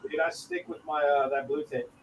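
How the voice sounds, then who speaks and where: A man's voice: fairly high pitch, level tone, a little fast, slight background noise, low-quality recording. A man with a Southern US accent co-hosting a livestream in casual chat, loose and jokey, swearing freely and calling everyone dude.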